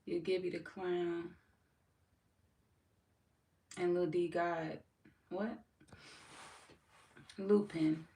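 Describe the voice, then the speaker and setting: A woman's voice: fairly low pitch, little pitch movement, very slow, vocal fry, pauses often, dark tone. A woman running a live tarot stream who chats casually with viewers, swears freely and laughs often. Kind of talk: casual live-stream chat reading comments. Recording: roomy echo from far off mic, faint background noise.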